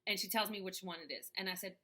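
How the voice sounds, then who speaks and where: A woman's voice: medium pitch, fast, bright, forceful tone. A woman coaching viewers in a casual talk to camera, checking in with "right?" as she goes. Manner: conversational, often asks "right?".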